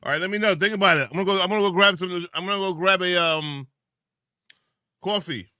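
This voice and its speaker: A man chatting casually with viewers on a live stream, sleepy and yawning, greeting people by name in drawn-out words. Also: high voice, bright, forceful tone, dry recording, studio quality.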